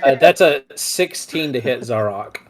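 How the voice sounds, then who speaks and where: A man's voice: medium pitch, animated, measured pace. A young man, a player in a tabletop game, earnestly explaining his thinking in casual chat.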